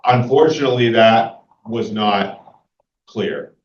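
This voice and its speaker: Low-voiced man reporting at a town meeting. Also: takes it slowly, a little hiss or hum. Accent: New England. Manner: casual, fillers, agreeable. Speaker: public works official. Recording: roomy, distant, dull community TV audio.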